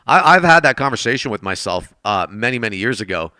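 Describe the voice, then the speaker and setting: A man chats casually with his live-stream audience while he plays, thanking donors and talking straight to chat. His voice is bright and smooth and swings up and down a lot. The sound is dry and close, with no room around it. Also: mid-range voice, big pitch swings, fast talker, no echo. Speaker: game streamer. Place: at a desk.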